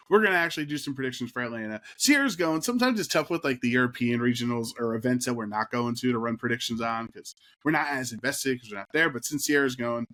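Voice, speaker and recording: A young man co-hosts a podcast in an easygoing, playful way, his voice sitting at a middle pitch. He sounds relaxed and chatty as he walks through his points. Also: fast talker, few pauses. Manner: easygoing, laughs often, playful. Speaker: podcast co-host. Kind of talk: casual chat.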